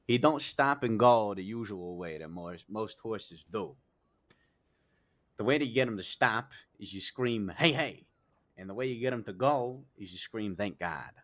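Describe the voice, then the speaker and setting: A man telling long, rambling jokes in character during a roleplay, full of fillers and restarts, swearing casually. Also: on the low side.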